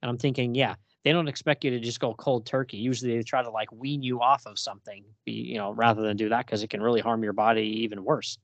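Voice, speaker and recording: A man in casual chat on a podcast, retelling a comic scene in an animated way and laughing often. His voice sits at a middle pitch. The sound is dry and close to the mic. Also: fast talker, hardly any pauses, no echo, muffled recording. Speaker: podcast co-host.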